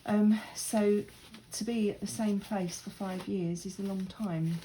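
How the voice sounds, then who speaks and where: Working on a craft, a middle-aged woman who makes crafting videos chats and rambles with a self-deprecating streak. Her medium-pitched voice holds a steady tone at a measured pace, with background noise present.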